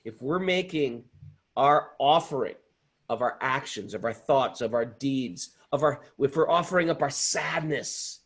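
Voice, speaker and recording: A man hosting a spiritual talk, telling a story in an animated, earnest way. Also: medium pitch, measured pace. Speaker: host. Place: home in upstate New York.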